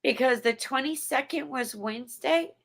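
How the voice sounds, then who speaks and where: Middle aged woman, high voice with some gravel, talks slow and heartfelt. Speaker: guest. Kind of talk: casual chat.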